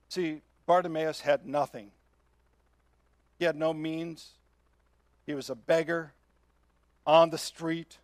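A man's voice: on the high side, flat delivery, slow pace, long pauses, no room sound. A man preaching a sermon as pastor, earnest and emphatic, often asking his listeners questions.

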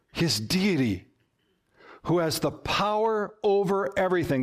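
A man preaching a sermon, deliberate, dropping low and soft on key words. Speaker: pastor.

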